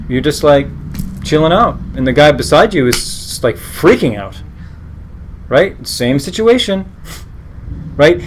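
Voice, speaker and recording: Man leading a meditation class, lively swooping voice, fairly high, earnest and chatty. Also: a little hiss or hum. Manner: conversational, earnest, self-interrupting; joking asides. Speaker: meditation teacher. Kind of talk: live class talk.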